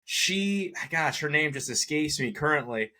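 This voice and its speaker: A man co-hosts a casual movie review podcast, rambling and animated as he works through his opinions and often correcting himself mid-sentence. His voice is on the high side and his pace a little slow.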